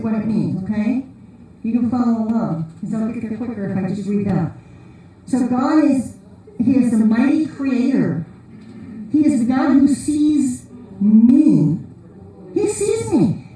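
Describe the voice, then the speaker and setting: A woman gives an informal conference sermon in a large church hall, telling rambling, humorous stories. Her voice is on the high side with a dark tone. The recording is very echoey, and she sounds distant.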